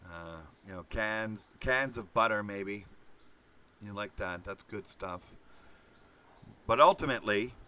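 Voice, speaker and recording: A man's voice: lowish voice, slow pace, bright, forceful tone, slight background noise. A man hosting a casual monologue, rambling and swearing, with many fillers. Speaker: host.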